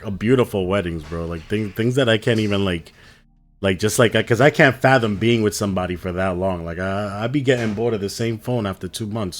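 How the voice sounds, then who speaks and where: A man hosting a podcast, asking questions in laid-back, slangy casual talk. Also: on the low side. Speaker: podcast host. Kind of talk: casual interview chat.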